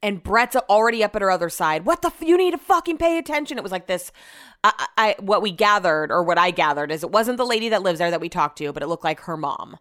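A Californian woman talks straight to her camera in a casual vlog, her voice sitting a little low. She rambles through the story with restarts and plenty of swearing. She sounds shaken and upset. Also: quick pace, fairly bright tone. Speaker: vlogger.

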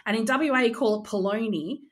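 Chatty Australian woman, slightly high. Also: a little fast. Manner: chatty, searches for words. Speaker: podcast host. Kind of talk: casual chat.

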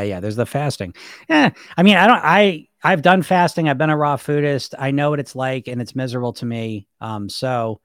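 A man's voice: mid-range voice, dry recording, clean studio sound. A man coaching on weight loss in a casual live stream, talking animatedly and acting out the voices in people's heads. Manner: animated, acts out inner voices in shifting tones.

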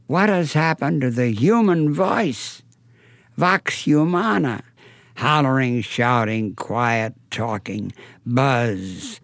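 A man's voice: mid-range voice, slow, gravelly, fairly bright tone, dry recording. A talkative man telling a story in an archived interview, theatrical and acting out the voices. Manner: theatrical, acts out voices and drops to near silence for effect; talkative, self-described gabby. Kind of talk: animated storytelling.

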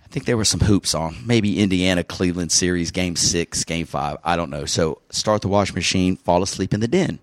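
Low-voiced man telling a lively story. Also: a little fast, few pauses, dry recording, clean studio sound. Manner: animated, acts out quotes, laughs often. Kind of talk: casual storytelling.

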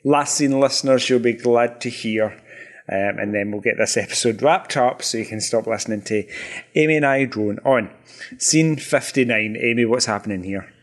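A man's voice: medium pitch, normal speed. A man co-hosting a podcast in casual chat, wry and chatty, laughing easily. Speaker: podcast co-host.

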